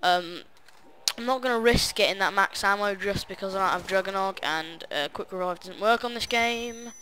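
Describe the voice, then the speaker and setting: Bright-voiced young gamer narrating casually. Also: male voice, sits high, normal speed, slight background noise. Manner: rambling, casual, many fillers and asides. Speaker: gaming YouTuber. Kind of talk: gaming commentary.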